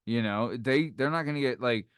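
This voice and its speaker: Smooth-voiced man telling a story animatedly. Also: normal speed, no echo, studio quality. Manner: animated, acts out quoted voices with big pitch jumps. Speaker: podcast host. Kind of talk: casual storytelling chat.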